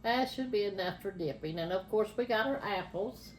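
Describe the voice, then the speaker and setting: A woman's voice: mid-range voice, normal speed, a loud crowd. An older woman, a grandmother, chatting homespun through a cooking demonstration in a home kitchen. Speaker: grandmother showing a recipe.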